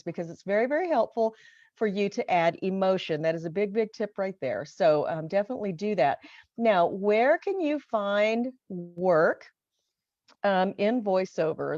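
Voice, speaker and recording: A woman's voice: medium pitch, darkish tone, no echo. A middle-aged woman coaching online in a chatty, encouraging way, often checking in with her listeners. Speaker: online business coach teaching voiceover. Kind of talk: casual teaching to camera. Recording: dull, dry home recording.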